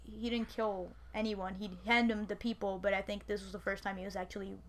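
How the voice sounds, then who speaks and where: A woman's voice: mid-range voice, level tone, fairly quick, a bit bright. A woman co-hosting a podcast who retells a crime story in loose, profane casual chat and often trails off. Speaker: podcast co-host.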